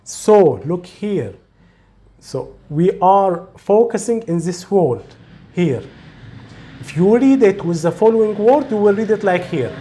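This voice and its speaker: Slow, mellow male recitation teacher. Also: high-pitched, animated. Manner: patient, repetitive explanation with recited example words. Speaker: Arabic and Quran recitation teacher. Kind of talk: tutorial explaining a pronunciation rule.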